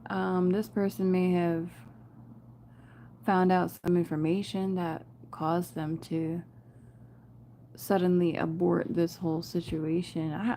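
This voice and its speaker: A tarot reader with a lowish, mellow female voice gives viewers a casual spiritual reading, with slight background noise in the clip. She's chatty, laughs often, and calls her audience "you guys" and "y'all."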